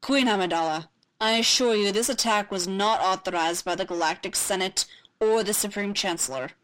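A woman's voice: mid-range voice, normal speed, a bit bright, natural voice, low-quality recording. A woman voicing a stern, commanding male Jedi master who speaks formally and firmly. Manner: formal, firm.

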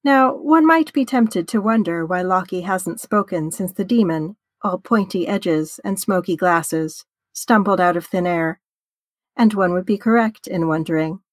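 A woman's voice: fairly low pitch, a little slow, dry recording. A woman narrating a fan fiction audiobook in a wry, conversational way with casual swearing.

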